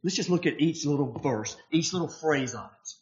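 Animated preacher, dull lo-fi sound. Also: moderate pace. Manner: animated, acts out the quoted voices in a higher pitch; conversational, with frequent restarts. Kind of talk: sermon. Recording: dull lo-fi recording.

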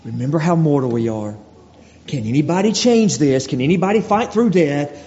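A man preaching a sermon, earnest and full of rhetorical questions, dropping to quiet, slow lines for emphasis. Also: a little high, expressive. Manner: earnest, rhetorical questions, slows and drops to near-whisper for emphasis. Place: church sanctuary. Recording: dull recording with long hall reverb and faint noise.

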